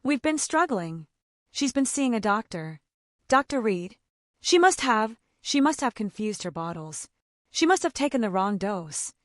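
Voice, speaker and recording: A woman's voice: on the high side, sing-song, unhurried, dry recording, clean studio sound. A woman reading the lines of a scheming, desperate young husband who snaps and whispers. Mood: fake compassion. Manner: snapping, strained whispers.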